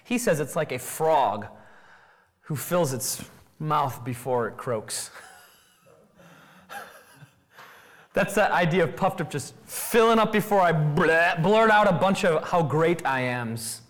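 Animated preacher with a lively voice. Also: medium pitch, takes it slowly, pauses often. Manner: animated, acts out quoted voices; rhetorical questioning. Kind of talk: expository sermon.

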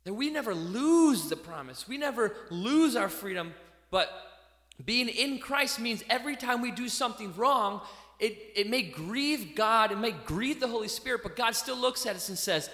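A man preaching a sermon, a father, animated, swinging from loud emphasis to quiet asides. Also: high voice, moderate pace. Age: adult parent. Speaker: pastor. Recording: echoey hall.

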